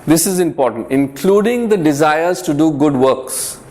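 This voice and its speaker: A man's voice: fairly high pitch, animated, moderate pace, darkish tone. A man giving an informal faith talk to a youth group, earnest and conversational, often repeating words and checking in with the room. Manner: conversational, earnest, lightly humorous.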